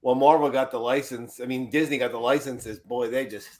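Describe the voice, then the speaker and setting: A man's voice: medium pitch, steady tone, a little fast, darkish tone. A man in casual banter on a livestream, rowdy, joking and profane. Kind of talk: casual chat.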